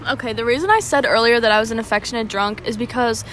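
Bright-voiced young woman telling stories. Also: fairly high pitch, fast talker, a little hiss or hum. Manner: chatty storyteller, casual swearing, fillers like "um" and "like". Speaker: podcast co-host. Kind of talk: casual chat.

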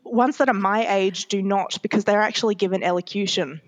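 A woman hosting a podcast in casual chat, talking thoughtfully with frequent pauses and fillers. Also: mid-range voice. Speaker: podcast host.

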